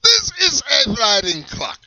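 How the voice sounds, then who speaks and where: A man voicing a strict, shouty German leather and whip seller with an eye patch, in a put-on German accent and a theatrical, menacing manner. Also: very high-pitched, huge pitch swings, slow pace, highs cut off, voice pushed up, exaggerated voice. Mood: barking, strict. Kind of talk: comedy sketch character.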